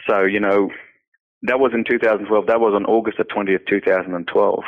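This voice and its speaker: Aussie guy on a tinny phone line, deep flat voice, earnest, lots of "you know". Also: brisk. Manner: earnest, repeats words, many "you know" fillers. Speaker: nonprofit founder, interview guest. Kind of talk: personal storytelling in conversation.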